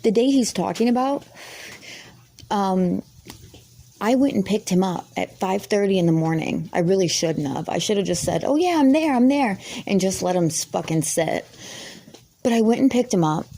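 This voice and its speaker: A woman's voice: mid-range voice, normal speed, warm tone. A woman vlogger telling an angry, rambling story to camera, swearing heavily and sounding indignant.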